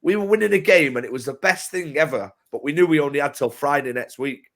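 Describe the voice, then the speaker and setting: A man chatting passionately as co-presenter, getting loud and emphatic. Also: on the high side, quick pace. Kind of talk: casual chat.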